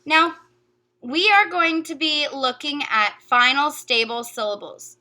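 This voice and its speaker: A woman teacher giving a recorded phonics lesson to young children, sounding out letters and words slowly and carefully. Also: sits high, expressive, bright, forceful tone.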